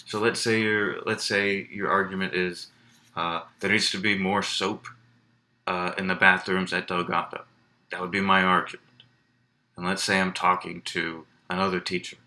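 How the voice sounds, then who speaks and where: A man's voice: deep voice, flat delivery, moderate pace, bright, forceful tone. A man teaching a college writing class in a recorded lecture, explaining in a conversational way with fillers and restarts. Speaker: college English instructor.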